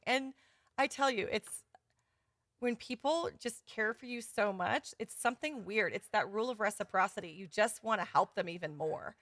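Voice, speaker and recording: A woman's voice: mid-range voice, moderate pace, fairly bright tone, no room sound, studio quality. A woman hosting a casual livestream for her students, chatty and effusive, laughing often. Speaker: course host running a live giveaway. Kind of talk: casual livestream talk to viewers.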